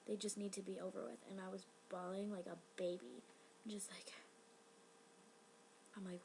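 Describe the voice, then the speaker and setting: A woman's voice: medium pitch, moderate pace, gravelly, long pauses, a little hiss or hum, rough recording. Rambling, emotional woman vlogger. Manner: rambling, excitable and emotional, with lots of "like" fillers. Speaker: TV episode reviewer. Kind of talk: casual vlog review.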